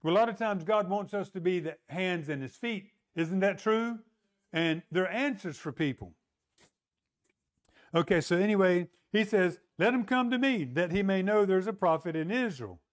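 A man's voice: high-pitched, lively intonation, moderate pace. A man preaching a sermon, retelling a story and acting out the voices in quotes. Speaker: pastor.

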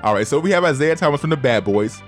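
A man's voice: mid-range voice, animated, quick pace, over music. A man co-hosting a podcast, teasing playfully and laughing often. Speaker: podcast co-host. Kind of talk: casual podcast banter.

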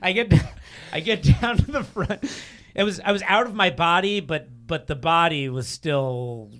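A young man with a bright, somewhat high voice tells a long, rambling story in casual chat. He piles on fillers and restarts, and he laughs as he talks. He gives it lots of lively energy. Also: unhurried. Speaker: storyteller guest.

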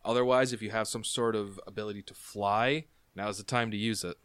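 A man with a smooth, clear voice runs a tabletop game, laying out rolls and rules in a relaxed way. He laughs easily and fills his explanations with "uh" and "like". The sound is close and dry. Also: fairly low pitch, fairly quick, dry recording. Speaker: game master. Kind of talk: running a tabletop game, casual.

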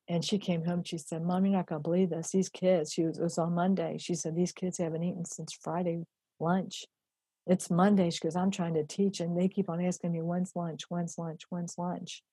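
Middle-aged woman, storytelling, lively quoted voices, husky, warm and dry sound. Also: on the low side, no room sound. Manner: animated, acts out quoted voices, many fillers. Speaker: charity founder telling her story. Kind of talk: personal storytelling.

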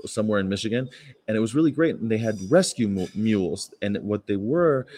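A man with a somewhat low voice talks casually to his livestream audience from outdoors on a campus. He tells meandering stories, full of fillers and short laughs. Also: darkish tone. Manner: rambling, anecdotal, with frequent fillers and laughs. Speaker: vegan activist livestreamer. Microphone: phone or camera.

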